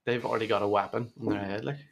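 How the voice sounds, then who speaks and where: A man's voice: on the low side, steady tone, racing, vocal fry, slight background noise. Man telling funny stories. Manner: laughs often, tells stories with dry humour. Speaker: podcast co-host. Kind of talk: casual chat.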